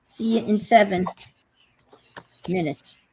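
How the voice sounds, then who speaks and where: A woman's voice: medium pitch, slow pace, background noise. A woman with a New York accent hosting a casual crafting livestream, rambling and trailing off as she searches for words.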